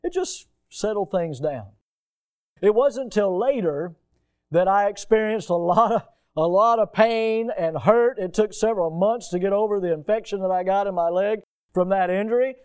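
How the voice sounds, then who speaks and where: High-voiced preacher, drawn-out emphasis. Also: male voice, clear, resonant tone. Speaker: pastor. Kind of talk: sermon.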